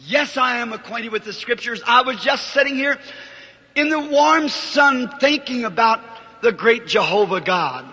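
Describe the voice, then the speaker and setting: A preacher voicing a pleading old blind beggar. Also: male voice, very high-pitched, lively intonation, measured pace, sharp tone, husky, exaggerated voice. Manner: humble, courteous pleading. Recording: reverberant old hall recording.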